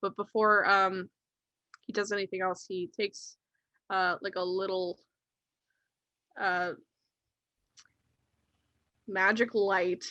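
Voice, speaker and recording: A woman narrating as game master of a tabletop game, halting and full of fillers, on a close mic. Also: medium pitch, flat delivery, sharp tone, no echo, highs cut off. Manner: halting, full of ums and likes.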